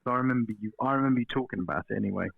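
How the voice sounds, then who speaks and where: A man's voice: medium pitch, rapid-fire, creaky, husky, dry recording. A man co-hosting a podcast, talking hesitantly and stumbling over his words. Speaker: podcast co-host. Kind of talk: casual podcast chat. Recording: dry, tinny phone-like line.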